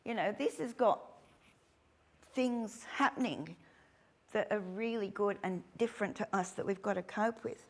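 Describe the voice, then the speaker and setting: Woman, middle-aged, warm chatty dog-training tutor voice, mid pitch. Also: a little slow. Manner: chatty, animated, acts out little quotes. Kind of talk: workshop talk to instructors.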